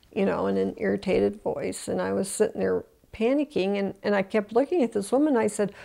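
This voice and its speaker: Gravelly-voiced older woman recounting. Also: mid-range voice, normal speed, warm tone. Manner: emotional retelling with many restarts; acts out quoted voices. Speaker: interviewee. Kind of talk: oral history interview.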